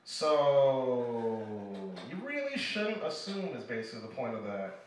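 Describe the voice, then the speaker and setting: Profane stand-up comic in an echoey club. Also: male voice, mid-range voice, sing-song, a little slow. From Illinois. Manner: loose, profane storytelling with laughs at his own jokes. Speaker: stand-up comedian. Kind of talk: live stand-up set. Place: small club with a live audience. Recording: echoey club, mic from a distance, noisy.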